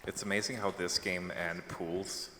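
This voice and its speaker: A man's voice: low voice, level tone, a little slow. A young man giving joking, thinking-aloud commentary while streaming a game live. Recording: long echoing reverb, faint noise.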